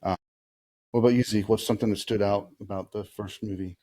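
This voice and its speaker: A man hosting a casual movie podcast, chatting easily with kids, asking them questions and pausing often with "uh". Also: fairly low pitch, steady tone, warm tone. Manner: easygoing, asks kids questions, many "uh" pauses. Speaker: podcast host talking with kids.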